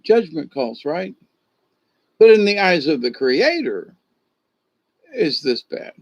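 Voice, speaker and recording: A man's voice: on the high side, very animated, takes it slowly, no room sound. A man, a shaman, casually telling a folk tale, rambling with many "you know"s and restarts. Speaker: shaman storyteller. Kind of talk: casual spoken storytelling. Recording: dull lo-fi recording.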